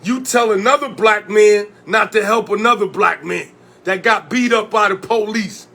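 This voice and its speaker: In a heated direct-to-camera rant, this notably high-voiced Connecticut man swears and throws out question after question, sounding like a community organizer confronting people. His voice is creaky and sharp-toned, at a moderate pace.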